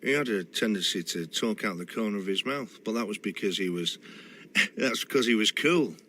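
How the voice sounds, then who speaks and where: A Manchester man with a lowish, fairly bright voice appears as a guest in a radio interview, thoughtfully telling stories about his family at a normal speed. He often hesitates and restarts his sentences. There's a little hiss or hum in the audio.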